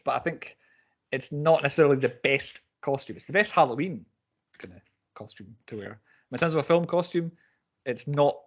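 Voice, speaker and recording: Man, podcast host, casual chat, brisk joking delivery, mid-pitched voice. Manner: brisk, joking, listing nominees.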